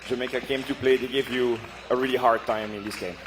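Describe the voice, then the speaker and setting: A man's voice: mid-range voice, steady tone, quick pace, crowd noise, noisy background. A man reporting from courtside, putting upbeat questions to a player. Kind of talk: post-game interview.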